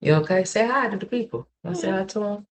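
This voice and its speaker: A woman's voice: mid-range voice, lively intonation, fast, slight background noise. A mother hosting a casual livestream, telling a long story to her viewers in a rambling, repetitive way and calling them y'all and honey.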